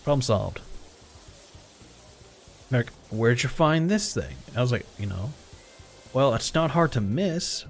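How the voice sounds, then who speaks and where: Over soft background music, a medium-pitched male streamer speaks unhurriedly and pauses often while gaming. His casual story is animated, packed with quoted exchanges, frequent swearing, and chuckles.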